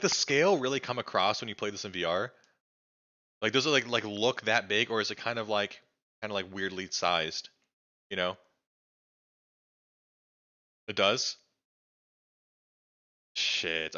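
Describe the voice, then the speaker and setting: A male streamer casually reacting on a live stream, excitable and rambling, swearing freely with lots of fillers. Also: fairly low pitch, lo-fi sound.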